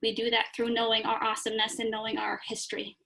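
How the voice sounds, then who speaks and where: A woman's voice: a little high, monotone, quick pace, gravelly, noisy background. A woman panelist giving emphatic, uplifting closing remarks on a video call.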